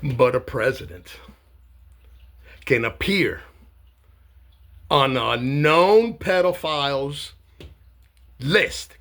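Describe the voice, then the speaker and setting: A man's voice: medium pitch, animated, very slow, pauses often, fairly bright tone. A man giving a rambling, sarcastic monologue to camera, with many hesitations and filler sounds. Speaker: commentator.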